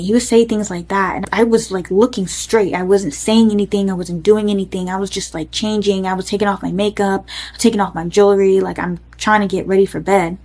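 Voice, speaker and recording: A woman's voice: mid-range voice, steady tone, brisk, darkish tone. Brief: young woman, casual storytime, rambling delivery, many fillers.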